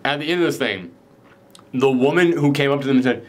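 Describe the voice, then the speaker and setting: A man's voice: medium pitch, fairly quick. A young man chatting through a film's ending with a friend in a loose, casual way, swearing now and then. He slips into quoted lines as he retells scenes, in his everyday speaking voice. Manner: loose, profane, acts out quotes. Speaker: film reviewer. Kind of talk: casual spoiler chat.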